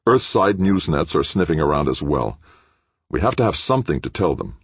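A man's voice: rumbling low, big pitch swings, moderate pace, breathy edge, no room sound, voice pushed up, heavily acted. A man voicing an angry male corporate executive who snaps and insists on results. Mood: demanding. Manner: snapping, insistent.

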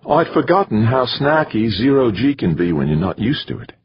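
A man's voice: mid-range voice, sing-song, moderate pace, husky, lo-fi sound, pitched above the performer's own voice. A man reading an audiobook, voicing a playful, teasing woman traveler in a raised voice. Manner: teasing, impish.

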